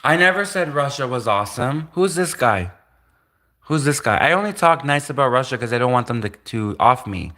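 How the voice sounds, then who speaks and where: A man's voice: medium pitch, animated, moderate pace, pushed and bright. A man live-streaming a casual, rambling monologue, repeating himself and laughing at his own jokes.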